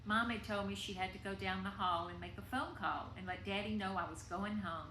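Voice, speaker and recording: In an echoey room with a little background noise, a woman reads her family memoir aloud, tender and emotional despite a sharp tone. Her mid-range voice moves at a brisk pace through the personal story.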